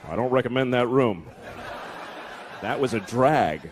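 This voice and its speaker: A man's voice: mid-range voice, normal speed, long pauses. A man doing a profane stand-up comedy routine, acting out characters in shifting voices. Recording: live club with crowd and faint noise.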